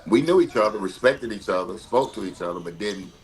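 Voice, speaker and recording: Man in his fifties, lowish voice, animated storyteller who stumbles over his words. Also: brisk. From Mississippi, US. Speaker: guest. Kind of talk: conversational storytelling.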